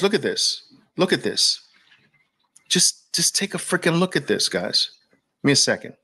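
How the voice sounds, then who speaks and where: A man's voice: mid-range voice, creaky, bright, forceful tone, breathy edge. A man giving a persuasive masterclass talk as a trading educator, emphatic, with repeated punchy lines and rhetorical questions. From Brooklyn, New York.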